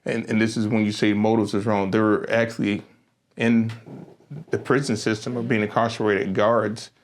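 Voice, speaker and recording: A middle-aged man hosting a podcast interview, an animated storyteller who laughs often and repeats his words as he talks. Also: on the low side, normal speed, slight background noise. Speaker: podcast host. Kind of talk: casual interview chat.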